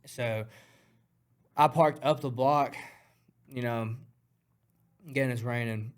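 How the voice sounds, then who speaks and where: A man recounting a fight on a podcast, voice in a middle register. He talks in an excitable, profane rush and punctuates the action with punchy sound words. He sounds casual and unfiltered. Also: medium pitch, slow pace, smooth. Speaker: guest fighter. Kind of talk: animated storytelling.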